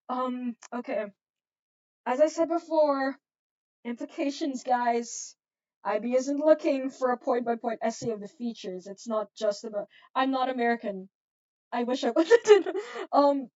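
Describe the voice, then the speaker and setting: A woman's voice: a little high, a little mellow. Chatty young woman tutoring on a livestream. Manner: chatty, self-deprecating, answers chat as she goes. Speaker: exam tutor. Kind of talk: livestreamed exam-prep lesson. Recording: dull lo-fi stream audio.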